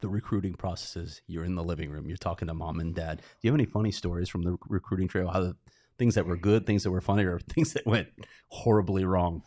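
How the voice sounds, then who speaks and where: Easygoing low-voiced sports show host. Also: male voice, quick pace, warm tone. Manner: easygoing, asks questions with light laughs. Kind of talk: sports talk interview.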